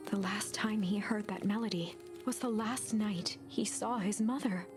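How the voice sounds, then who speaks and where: A woman narrating a storybook game in a soft, hushed, often whispered delivery, with game music behind her. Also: mid-range voice, moderate pace, natural voice.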